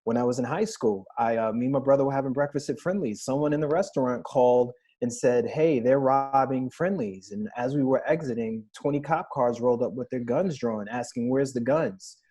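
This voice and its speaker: A man's voice: medium pitch, fairly quick, few pauses, dark tone, breathy edge. A man in his thirties on a podcast panel, earnestly recounting personal stories in a candid discussion.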